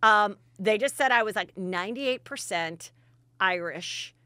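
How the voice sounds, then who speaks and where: A woman hosting a comedy podcast, chatting in a gossipy, animated way and telling stories with loud impressions. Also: medium pitch, measured pace, no echo. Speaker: podcast host. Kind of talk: casual comedic chat.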